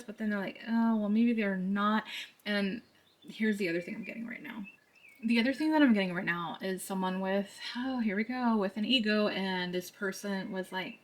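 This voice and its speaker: A woman with a voice of middling pitch reads tarot cards for her viewers. She talks in a chatty, loose way and laughs often. Now and then she acts out the other person's inner thoughts. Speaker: tarot card reader. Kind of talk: casual tarot reading to camera.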